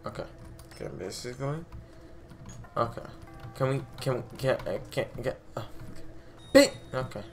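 A man's voice: mid-range voice, normal speed, pauses often. A man commentating his own game playthrough, easily frustrated and cursing constantly, over faint game music. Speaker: gaming channel host. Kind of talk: let's play commentary.

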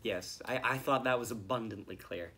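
With a lowish voice at normal speed, a young co-host goes over a hockey game on a casual podcast. The chat wanders and is full of swearing, lurching from mumbling to shouting.

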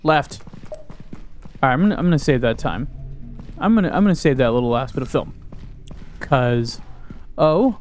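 A man's voice: a little high, lively intonation, moderate pace, pauses often, a little mellow, faint music behind. Crude, jumpy young man playing solo. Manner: crude joking, talks to himself, yelps when startled. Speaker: gaming YouTuber. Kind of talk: solo gaming commentary.

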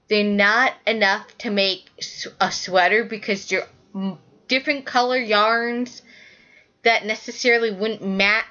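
A woman's voice: medium pitch, bright, forceful tone, lo-fi sound. A woman hosting a knitting podcast, chatting casually and rambling as she shows her work to the camera, often correcting herself mid-sentence.

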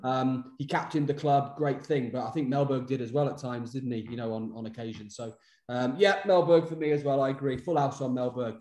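A man's voice: medium pitch, fairly even intonation, fairly quick, a little mellow. A man hosting a casual chat, hesitant and often repeating his words as he goes. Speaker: podcast host. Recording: roomy echo.

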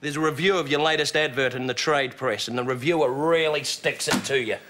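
An actor playing an eccentric, pompous advertising boss with a slow, theatrical delivery in a studio sitcom. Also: male voice, a little high, pushed and bright, slight background noise. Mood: scolding. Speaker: agency boss.

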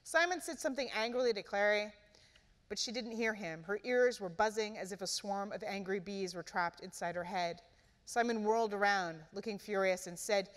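A woman author reading her novel aloud at a live event, with steady, expressive narration. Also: medium pitch, normal speed. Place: event hall. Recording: echoey hall, live event.

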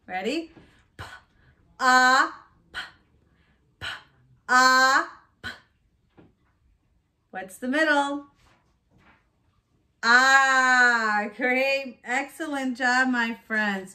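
A woman teaching a phonics lesson to young children, sounding out words slowly and praising them cheerfully. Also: high voice, bright, forceful tone. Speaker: preschool teacher.

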